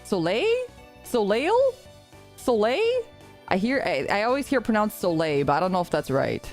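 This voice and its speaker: A woman streamer tells animated stories between giggles, her voice swinging widely in pitch. Soft game music plays faintly beneath her casual chat. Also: brisk.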